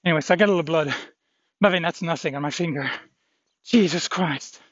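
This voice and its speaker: A man's voice: fairly high pitch, a little fast, no room sound, highs cut off. A shaken man rambling about a dog fight, swearing under his breath and trailing off. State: shaken, adrenaline-pumped. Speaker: vlogger. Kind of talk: shaken personal vlog after a dog fight.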